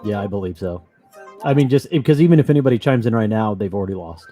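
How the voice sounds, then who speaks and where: Joking dude on a podcast, quick quips, mellow low tone, bit of music behind. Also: male voice, animated. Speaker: podcast co-host. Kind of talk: casual chat.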